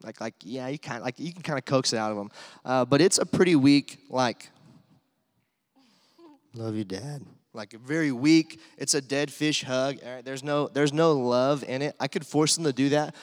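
A man preaching a sermon in a relaxed, conversational way, with many fillers, telling family stories and reading scripture aloud. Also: mid-range voice, brisk. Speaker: pastor. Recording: long hall reverb.

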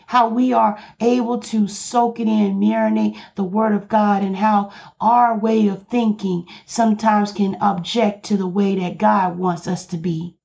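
A woman's voice: mid-range voice, steady tone, measured pace, vocal fry, hardly any pauses, darkish tone, muffled recording. A woman pastor preaching on her podcast, passionate and emphatic, repeating key lines for emphasis.

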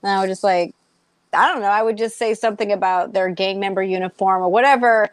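She talks fast, with a medium-pitched, clean-toned voice and no room sound. A young Boston-accented comedian from Massachusetts, she's a guest in a laid-back interview, acting out characters' voices as she tells her animated, sarcastic stories.

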